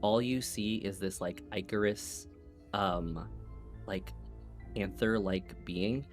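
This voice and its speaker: Low slow-talking man player. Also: faint music behind. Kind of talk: playing a tabletop game character.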